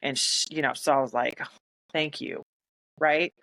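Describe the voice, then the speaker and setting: A woman's voice: low voice, steady tone, vocal fry, a bit bright, low-quality recording. A young woman, a military veteran, telling her own story in an interview, candid and emotional, often acting out what others said to her. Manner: emotional, candid, quotes others in rapid retelling.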